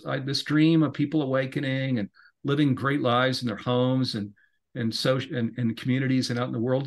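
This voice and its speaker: A middle-aged man, a podcast guest, talking in an earnest, rambling way that grows animated when he is inspired. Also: medium pitch, normal speed. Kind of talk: casual interview talk.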